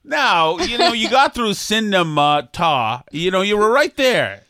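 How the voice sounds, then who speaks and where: A man's voice: high-pitched, sing-song, unhurried, bright, forceful tone, no echo, studio quality. A man hosting a casual talk show, grumbling and sardonic, with mock outrage. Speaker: radio show host.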